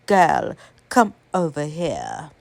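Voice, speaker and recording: A woman's voice: deep voice, huge pitch swings, extremely slow, gravelly, dry recording, heavily acted. A woman voicing a domineering, bossy man from the 1800s, giving curt commands, in a story she tells. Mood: commanding.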